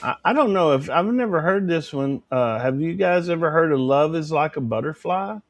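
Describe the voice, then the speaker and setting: A man hosting a casual livestream chat, folksy and animated, swearing casually. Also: a little high, normal speed. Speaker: livestream show host.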